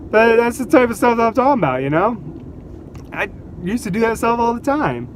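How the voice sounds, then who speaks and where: High-voiced man telling stories, animated. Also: brisk, a little hiss or hum. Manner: animated, laughs between anecdotes, acts out quotes. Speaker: vlogger. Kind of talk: casual storytelling.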